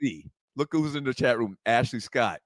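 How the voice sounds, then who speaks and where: A man co-hosting a casual talk show, lively and emphatic in quick banter. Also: medium pitch, no echo. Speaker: co-host.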